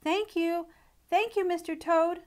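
Storybook part: a squeaky-high, breathless little boy mouse, eager and very polite, as a woman reads him. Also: slow. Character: small eager polite young male meadow mouse.

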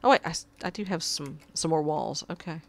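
A woman's voice: deep voice, a little fast, vocal fry, background noise. A woman giving casual gameplay commentary, muttering to herself and pleading with her cat at her desk. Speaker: gamer.

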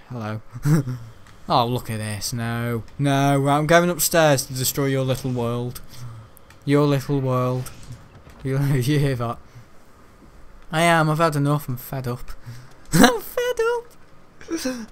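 A man's voice: medium pitch, smooth. A man giving casual, rambling gameplay commentary, joking and laughing often. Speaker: gaming channel host.

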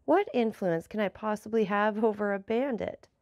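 A woman reading the lines of a calm, commanding nobleman in an audiobook, measured and slightly ironic. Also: medium pitch, no room sound, clean studio sound, close to an everyday voice. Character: commanding, enigmatic nobleman, the Count.

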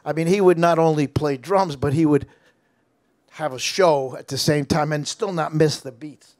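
Older American man, interview guest, raised pitch, animated raconteur with halting restarts. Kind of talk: casual storytelling interview.

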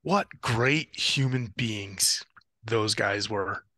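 Speaking extremely slowly in a lowish voice, a former Marine officer and ocean rower shares race stories in a casual interview. He animates them by acting out voices and radio calls; the studio-quality audio has no room sound.

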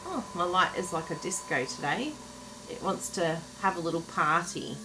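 A woman's voice: lowish voice, animated, moderate pace, noisy background. A woman demonstrating card-making live, chatting with viewers, laughing often and reading out their comments. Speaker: craft demonstrator.

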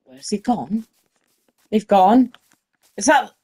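A woman giving casual, excitable commentary while playing a game and talking to the animals in it. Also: mid-range voice, slow pace, slightly rough. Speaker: gaming video creator.

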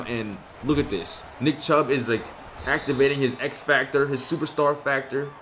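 A young man talks through his own video game in loose, slangy commentary. He gets excited over big plays and frustrated when things go badly. Faint background noise sits under his mid-pitched voice. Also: a little fast. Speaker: gaming YouTuber. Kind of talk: casual gameplay commentary.

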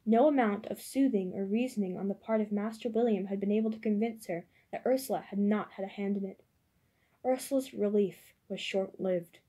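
A woman reading a novel aloud as an audiobook narrator, in a steady, measured way. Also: medium pitch, breathy edge.

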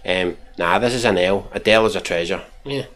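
A man's voice: deep voice, a little fast, a bit bright. A Scottish man giving mocking, profane reaction commentary while reading out tweets. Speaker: commentary channel host.

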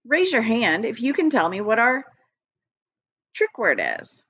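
A woman's voice: on the high side, very animated, unhurried, a bit bright, slightly rough, no echo. A woman teacher leading a recorded early-grade phonics lesson, patient and encouraging, spelling out letters one by one. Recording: dry, dull lo-fi home recording.

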